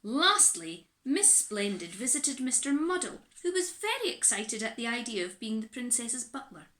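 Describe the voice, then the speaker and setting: A woman reading a children's picture book aloud in an animated, expressive way, recorded in an echoey room. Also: fairly high pitch, normal speed. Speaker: storyteller.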